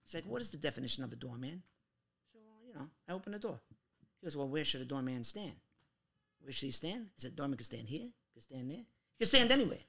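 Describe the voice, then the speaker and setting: A man tells stories in a loose interview, fast and animated. His voice is gravelly and bright, a little high for a man, and he slips into other people's voices as he goes. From Queens, New York. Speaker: guest actor. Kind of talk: casual storytelling interview.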